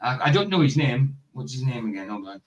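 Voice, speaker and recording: Brief: excitable man from Wales, stream host, noisy clicky mic. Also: mid-range voice, dull audio. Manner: excitable, laughing, quick apologies. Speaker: livestream host. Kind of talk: casual chat.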